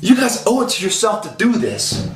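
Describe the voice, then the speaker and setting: A man's voice: high-pitched, big pitch swings, moderate pace, soft background music. A man giving an intense, profane, emphatic fitness motivational talk. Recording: echoey room.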